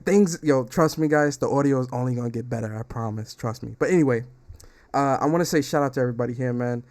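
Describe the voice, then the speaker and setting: A young man hosting a gaming podcast livestream, talking casually with slang, bursts of laughter and loud shout-outs to viewers, on a desktop mic at home. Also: medium pitch, fast talker. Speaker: podcast host. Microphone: desktop streaming mic.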